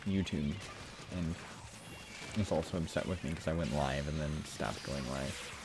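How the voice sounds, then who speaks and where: A young man streaming a game late at night, talking quietly and half-whispering in a rambling, restarting way so he won't wake his sister. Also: a bass voice, normal speed, noisy background. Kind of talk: quiet live stream chat while playing. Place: room at home at night. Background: game music.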